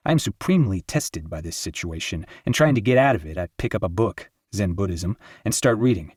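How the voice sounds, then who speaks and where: A man narrating an audiobook in a steady, lyrical reading style. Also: deep voice, fairly quick, breathy edge, no room sound, clean studio sound. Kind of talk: scripted narration.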